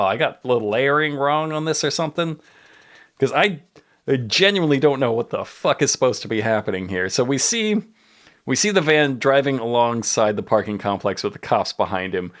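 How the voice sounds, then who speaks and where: A man's voice: medium pitch, fairly bright tone. A man guest on a podcast, casually recapping a comic in a wry, rambling way with frequent laughs.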